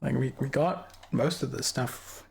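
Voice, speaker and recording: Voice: medium pitch, a little slow, vocal fry. A young adult livestreamer chatting casually with viewers while showing off an avatar model, giggling often and rambling through thoughts. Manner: giggly, rambling, talks to chat. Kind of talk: casual live-stream chat.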